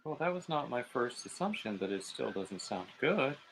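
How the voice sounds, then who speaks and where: Male guest, middle pitch, animated intonation, dry wit. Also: moderate pace, vocal fry, rough recording. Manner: dry, joking banter. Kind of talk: casual chat on a live game stream.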